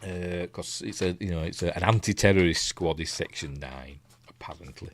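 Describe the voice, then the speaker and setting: Here a Yorkshire-accented film reviewer hosts a casual live watch-along in a low-pitched voice at a moderate pace. His commentary rambles and hesitates with lots of ums and restarts, and he chuckles at his own asides.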